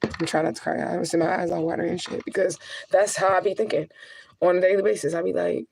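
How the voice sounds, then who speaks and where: A woman's voice: lowish voice, steady tone, fast, gravelly, darkish tone, a little hiss or hum, rough recording. Profane, rambling middle-aged woman vlogging. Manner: raw, rambling and profane, venting to viewers. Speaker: YouTuber and spiritual medium. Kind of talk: emotional direct-to-camera monologue.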